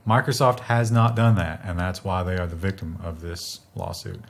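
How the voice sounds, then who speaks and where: A man with a lowish voice co-hosts a casual tech news discussion. He chats along easily and likes to act out quotes. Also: normal speed. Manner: chatty, acts out quotes in lively bits.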